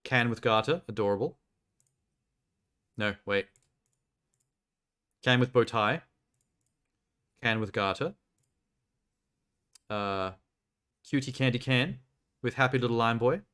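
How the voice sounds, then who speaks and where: A man's voice: mid-range voice, slow pace, long pauses, fairly bright tone, clean tone. A young man live-streaming, chatting casually and making crude jokes while browsing trailers. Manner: joking, crude, rambling commentary.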